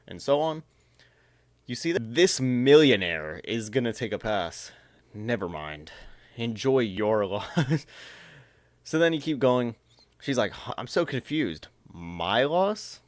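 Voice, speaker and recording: A man's voice: mid-range voice, no room sound. Chatty man reacting to texts. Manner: reads texts aloud and comments, chatty and amused. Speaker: reaction video host. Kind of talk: casual reaction commentary.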